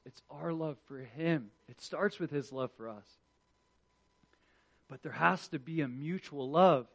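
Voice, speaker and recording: High-voiced earnest male preacher. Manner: earnest, swings between loud emphatic lines and hushed ones; repeats words at phrase starts. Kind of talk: sermon. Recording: dull lo-fi recording.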